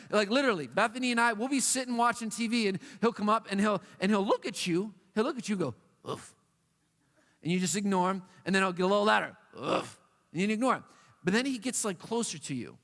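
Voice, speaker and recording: A youth pastor with a high voice delivers a sermon to a room of young people, playful and animated as he acts out whining voices. His words ring out with a long hall reverb.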